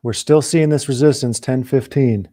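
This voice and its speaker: A man with a Minnesota accent, a guest in a casual trading chat, relaxed and easygoing. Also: mid-range voice, normal speed, no room sound. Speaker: podcast guest.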